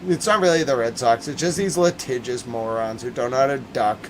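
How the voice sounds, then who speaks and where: This Boston-area host of a casual talk stream is a young man venting in an exasperated, heated rant, shouting and cursing often. He speaks a little fast at medium pitch, over slight background noise in a rough recording.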